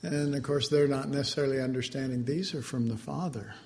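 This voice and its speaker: A man's voice: mid-range voice, fairly quick. Rambling man preaching informally. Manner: rambling, hesitant, with many fillers and animated acted-out quotes. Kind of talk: informal sermon.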